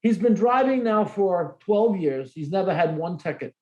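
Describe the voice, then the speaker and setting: A man's voice: high-pitched, normal speed, muffled recording. A middle-aged man hosting a podcast, telling a personal story expressively and acting out the dialogue in it. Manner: expressive, acts out quoted dialogue. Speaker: podcast host. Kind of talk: casual interview storytelling. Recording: echoey room.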